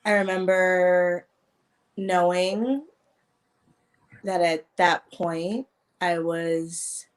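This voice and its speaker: Slow-spoken woman recalling haltingly. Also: on the low side, fairly even intonation. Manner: hesitant, halting recollection. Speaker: interview guest. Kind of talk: casual interview chat.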